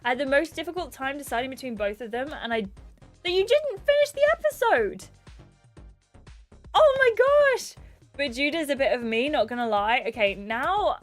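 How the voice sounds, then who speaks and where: A woman streaming a video game live, chatting casually and gushing her thanks to chat. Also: high-pitched. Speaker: gaming streamer. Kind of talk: casual livestream commentary.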